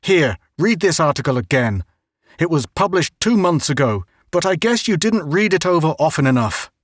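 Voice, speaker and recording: Man playing a stern middle-aged father, sarcastic, scolding, fairly high voice, dry sound. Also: big pitch swings, normal speed, no echo.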